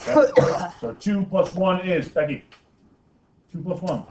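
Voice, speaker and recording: A man's voice: high voice, lively intonation, measured pace, darkish tone, far from the mic, slight background noise. A man teaching a math class, joking with students and checking in with "okay?" and "right?" after almost every step. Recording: echoey, dull classroom recording from afar.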